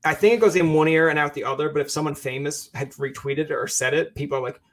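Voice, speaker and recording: A man's voice: a little high, quick pace. A man hosting a podcast, chatting casually and acting out quoted remarks as he tells stories. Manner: animated storyteller, acts out quotes. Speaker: podcast host. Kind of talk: casual interview chat.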